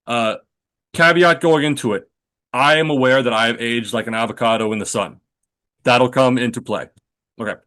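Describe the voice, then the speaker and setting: Man, 30s, podcast host, casual storytelling, rambling, lots of "like"s, self-deprecating, medium pitch. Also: moderate pace, long pauses, fairly bright tone. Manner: rambling, self-deprecating, heavy on filler words.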